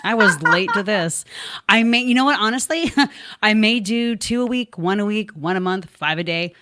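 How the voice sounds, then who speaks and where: A woman's voice: medium pitch, expressive, normal speed, sharp tone, slight background noise. A woman hosting a casual podcast interview, bubbly and effusive, laughing often. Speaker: podcast host.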